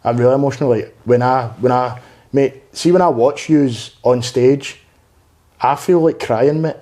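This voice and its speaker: A young man in his twenties speaks as a podcast guest, open and earnest. His voice is dark and mellow, at a middle pitch. He rambles, restarts his thoughts and swears freely in casual chat. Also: normal speed. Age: 20s. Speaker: podcast guest, stand-up comedian. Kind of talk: candid conversational interview.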